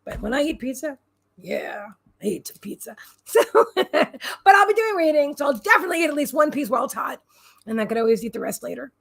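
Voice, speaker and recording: A woman's voice: high voice, lively intonation, fairly quick, vocal fry, fairly bright tone. A woman hosting a casual livestream from home, rambling and bubbly as she answers viewers' comments aloud. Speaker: livestream host and psychic reader.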